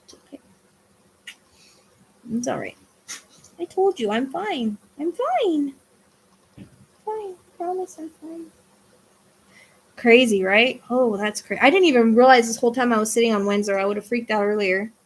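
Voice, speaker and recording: A woman doing a live-streamed psychic reading, excitable, swinging between hushed asides and loud exclamations. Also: on the high side.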